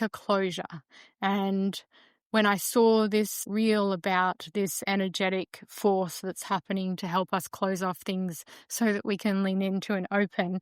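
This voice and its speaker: A woman's voice: medium pitch, clean tone, no echo, studio quality. A woman hosting a solo podcast, talking through her feelings in a reflective, meandering way with frequent fillers. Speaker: podcast host.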